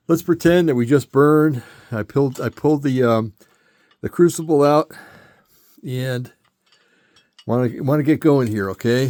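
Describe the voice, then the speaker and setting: A man's voice: mid-range voice, darkish tone, no echo. An older man casually demonstrating a tool, rambling and correcting himself often, a little out of breath. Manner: rambling, self-correcting, lots of fillers. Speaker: metal casting hobbyist showing a tool.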